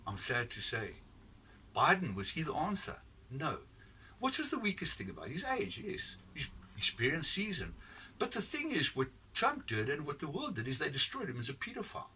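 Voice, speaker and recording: Blunt, profane man ranting with lively pitch. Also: moderate pace, distant mic. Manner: blunt and profane, rambling with restarts. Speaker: commentator giving his opinion. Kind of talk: unscripted opinion rant. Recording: voice from off the mic with faint ambient noise.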